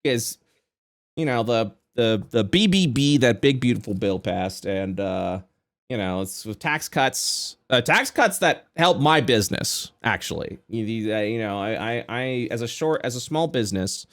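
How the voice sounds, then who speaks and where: A man's voice: medium pitch, lively intonation, measured pace, fairly bright tone. A man co-hosting a podcast in casual chat, rambling and swearing, with frequent stammering restarts. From Florida, US. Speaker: podcast co-host.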